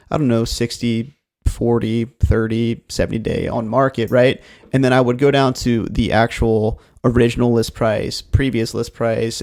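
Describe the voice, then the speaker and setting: This man from the Baltimore area chats as a podcast guest about selling homes. His voice sits at an ordinary middle pitch. He rambles loosely through his thoughts and swears casually. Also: gravelly. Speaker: real estate agent podcast guest.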